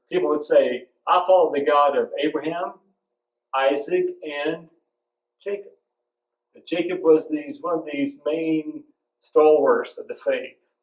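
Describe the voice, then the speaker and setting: A man preaching a sermon, telling stories and hammering home points with emphatic repetition. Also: fairly high pitch. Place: church sanctuary. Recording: roomy echo, from a distance.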